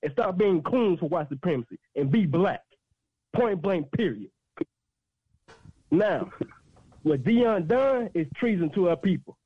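A fired-up man, his voice pitched notably high as he hammers points home with repeated, preacher-like phrases. He comes through a dry, slightly dull call-in line with no room sound. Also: lively intonation, measured pace, pauses often, husky, no room sound. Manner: fiery, repetitive, preacher-like emphasis. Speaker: activist guest. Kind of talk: impassioned call-in commentary.

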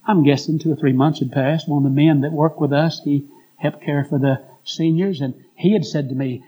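A male preacher tells a story from the pulpit in earnest, folksy, circling phrases. His voice is fairly high for a man, yet dark and mellow in tone, with a husky edge. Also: fairly even intonation, moderate pace, poor audio. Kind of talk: sermon storytelling.

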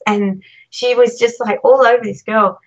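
A woman's voice: fairly high pitch, fairly even intonation, moderate pace, dull audio. An Australian woman telling a story in a casual podcast chat, acting out the voices of the people she quotes. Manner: chatty, anecdotal, acts out quoted voices. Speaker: guest, branding designer.

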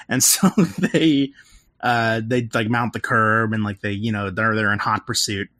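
A man's voice: lowish voice, moderate pace, bright, forceful tone, no room sound. A man in casual podcast chat, retelling a film's plot in a loose, rambling way, full of "like" and "um" and his own laughter. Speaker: podcast co-host recapping a film.

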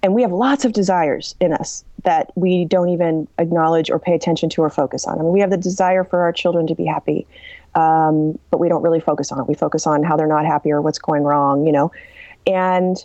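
A woman coach talks in an interview with real energy, acting out the people in her stories. Her voice is mellow and dark. The sound is dry and muffled, like a lo-fi recording. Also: low voice, brisk, dry recording. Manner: animated, acts out quoted people. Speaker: author and coach. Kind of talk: interview answers, storytelling.

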